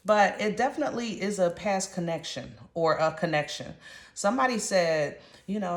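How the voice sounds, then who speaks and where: A woman's voice: medium pitch, animated, normal speed. A woman giving a casual tarot reading in a chatty, slangy, emphatic way. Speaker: tarot reader. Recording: roomy echo.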